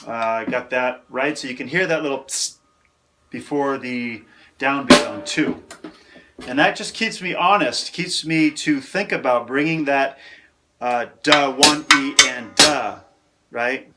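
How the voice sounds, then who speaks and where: A man teaching drums in a practice room, loud drum music filling the background. His voice sits at a middle pitch, and he counts beats aloud and vocalizes the rhythm as he walks through the groove. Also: unhurried. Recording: loud drum kit playing behind.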